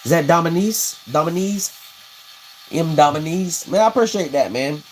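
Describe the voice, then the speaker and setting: A man's voice: fairly high pitch, brisk, slight background noise, poor audio. A man who hosts a livestream while he builds custom fishing rods. He talks in a rambling, folksy way, reads viewer comments and laughs at his own stories. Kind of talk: casual livestream chat, reading comments.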